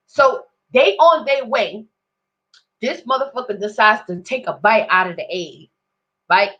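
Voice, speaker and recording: With a fairly high, fairly bright voice, a woman rants unhurriedly in a profane, casual vlog, asking her viewers over and over if they get it. She rambles in street slang, and the recording is muffled.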